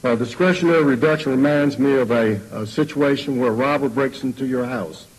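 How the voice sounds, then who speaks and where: A man's voice: mid-range voice, brisk, husky, poor audio. A man who is a school superintendent testifying to a state board, making his point with a folksy analogy.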